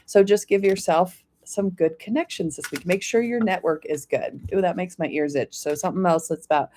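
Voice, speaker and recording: A woman hosting a live stream, reading oracle cards for viewers by name in a gentle, encouraging way and often checking in with "okay?". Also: on the low side, normal speed. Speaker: oracle card reader, host of a weekly live stream.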